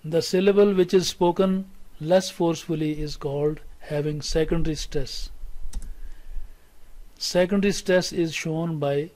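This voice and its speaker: Slow-spoken male English teacher, Pakistani accent. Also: on the high side, fairly even intonation, darkish tone, poor audio. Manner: slow, deliberate, repeats words for students to say along. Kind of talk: recorded classroom lecture.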